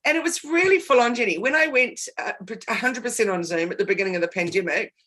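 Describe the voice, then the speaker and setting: A woman co-hosts a relaxed business chat over a video call. She tells her story candidly, with short laughs slipping into the middle of her sentences. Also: on the high side, quick pace. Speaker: co-host.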